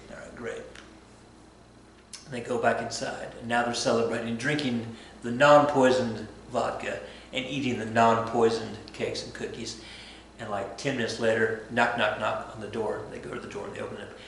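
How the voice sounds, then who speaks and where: A man at a medium pitch tells a history story to his class in a casual, chatty way, often slipping into acted-out dialogue. His voice bounces around a very echoey room, with faint noise underneath. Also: a little fast. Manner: chatty, animated, acts out dialogue. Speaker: history teacher.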